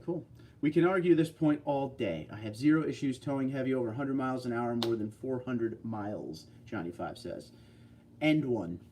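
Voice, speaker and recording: A man's voice: fairly high pitch, warm tone. A man from New York hosting a casual livestream, reading out viewer comments and bantering back.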